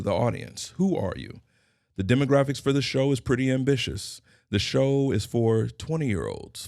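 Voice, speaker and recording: A middle-aged man with a medium-pitched, creaky, darkish voice hosts his own podcast as a podcast host and consultant, delivering a scripted motivational monologue through emphatic, repeated declarations. The recording is studio quality with no echo.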